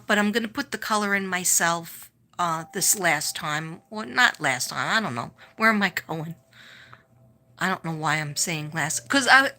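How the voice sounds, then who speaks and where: A middle-aged woman from New York talks in a bright, clear tone with a New York accent. She rambles through a chatty story and greets viewers by name. Her pitch sits in a middle range for a woman. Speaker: psychic livestream host. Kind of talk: casual livestream chat.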